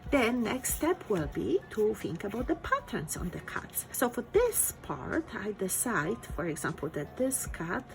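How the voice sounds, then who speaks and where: Gravelly-voiced woman teaching drawing. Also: mid-range voice, big pitch swings, unhurried, few pauses, soft background music, poor audio. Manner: encouraging, thinking aloud while drawing. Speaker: art teacher. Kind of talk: step-by-step drawing lesson.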